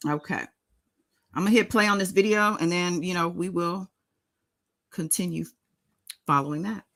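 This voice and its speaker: A woman's voice: fairly low pitch, normal speed, fairly bright tone, low-quality recording. A woman hosting a casual live stream in a sing-songy voice, greeting her chat members by name. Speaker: livestream host.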